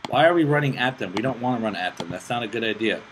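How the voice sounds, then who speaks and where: Excitable young man joking through a game. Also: medium pitch, fast talker. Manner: excitable, joking and self-mocking, swears often. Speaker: gaming channel host. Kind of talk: casual gameplay commentary. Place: indoors, playing on a laptop with friends in the room. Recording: steady background noise with mouse clicks.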